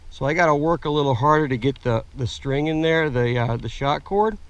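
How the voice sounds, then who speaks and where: A man with a slightly rough voice, slowly explaining a camping gear setup step by step, outdoors on a camera mic. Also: fairly high pitch, no room sound, lo-fi sound. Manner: slow, plain step-by-step explaining with fillers. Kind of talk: casual how-to demonstration. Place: outdoors in woods.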